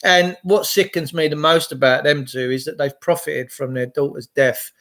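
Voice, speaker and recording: A man's voice: on the high side, fairly even intonation, moderate pace, fairly bright tone. Rambling profane man. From England. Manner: rambling, profane, chatty and digressive. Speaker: video host. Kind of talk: rambling monologue to viewers.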